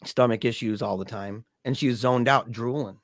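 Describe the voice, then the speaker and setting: A man's voice: medium pitch, fairly even intonation, normal speed, no echo, studio quality. A man telling a painful family story in casual talk as a podcast guest, emphatic and peppered with dude and man. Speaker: podcast guest, grieving father. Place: lives in Michigan.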